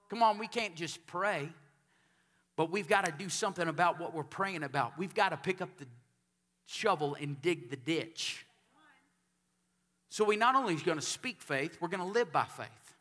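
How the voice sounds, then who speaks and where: A Texan pastor preaches a sermon in a church sanctuary, his voice sitting high. He tells stories and builds up to shouting calls for amens.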